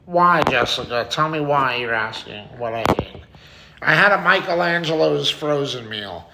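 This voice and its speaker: A man's voice: a little high, expressive, normal speed, vocal fry, noisy background. A man hosting a casual livestream, chatting to viewers, reading their comments aloud and swearing freely. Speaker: livestream host.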